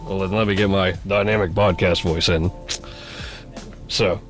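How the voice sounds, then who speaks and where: A man's voice: low voice, fairly even intonation, moderate pace, gravelly, soft background music. A man co-hosting a book club podcast in casual chat, jokey and rambling, laughing often. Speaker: podcast co-host.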